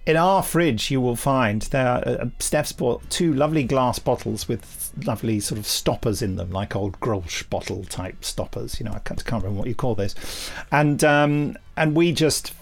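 A man's voice: medium pitch, normal speed, gravelly, hardly any pauses. A man co-hosting a podcast, chatting casually and rambling with frequent laughs. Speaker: podcast co-host. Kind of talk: casual chat.

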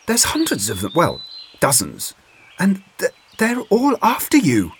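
A man's voice: high voice, huge pitch swings, measured pace, fairly bright tone, a little hiss or hum, pitched above the performer's own voice, full character voice. A man reading aloud voices a jumpy young male outlaw who stammers and gets flustered. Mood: anxious.

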